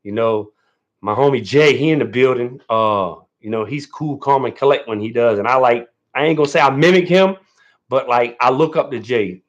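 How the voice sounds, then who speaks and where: Medium in pitch and heard through lo-fi sound, this man is a livestream host on his very first stream. He talks casually and rambles, slightly nervous, packing in fillers and plenty of "man."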